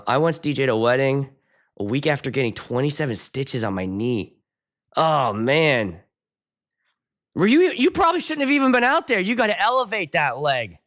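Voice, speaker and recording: A man from the Pittsburgh area talks casually on his own live stream, a DJ ranting at mid pitch. He rambles and jumps from topic to topic, getting worked up as he goes. His voice sits in an ordinary middle register. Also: fairly bright tone. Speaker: wedding DJ and show host.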